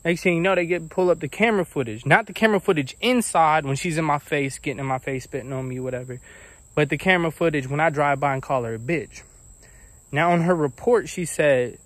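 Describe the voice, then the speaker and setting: Young man, storytime vlog, animated, acts out quotes, fairly high voice, dry sound. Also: a little fast, no echo. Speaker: vlogger. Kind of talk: casual storytime monologue.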